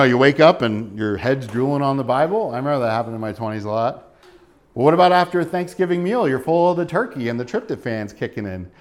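A man in his thirties preaching a sermon in a conversational way, asking his listeners questions. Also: mid-range voice. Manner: conversational, asks the congregation questions. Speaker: pastor.

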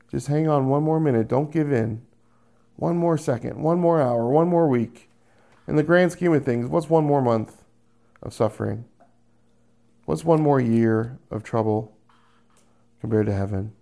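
A man's voice: mid-range voice, creaky, mellow. A man preaching a sermon, addressing believers directly and acting out the voices of the people he describes. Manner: acts out quoted voices, drawn-out "mm" sounds.

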